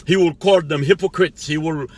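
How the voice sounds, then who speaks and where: A man's voice: a little high, steady tone, normal speed, a little mellow. A middle-aged man giving a rambling motivational monologue as a life coach, preachy, laughing to himself now and then. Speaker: life coach, channel host.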